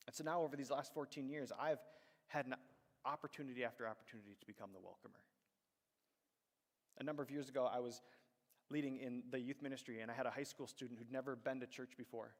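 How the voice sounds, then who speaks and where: A man's voice: medium pitch, fairly even intonation, fast talker. Guy preaching in church, chatty stories, does little voices for people, echo hanging in the hall. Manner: conversational storytelling, acts out quoted voices. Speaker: pastor. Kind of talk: sermon. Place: church sanctuary.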